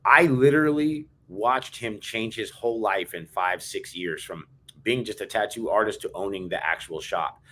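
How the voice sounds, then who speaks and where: A man with a lowish voice co-hosts a podcast in casual chat. He talks in an emphatic, fired-up way, telling stories with strong conviction. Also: normal speed, bright, forceful tone, slight background noise. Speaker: podcast co-host.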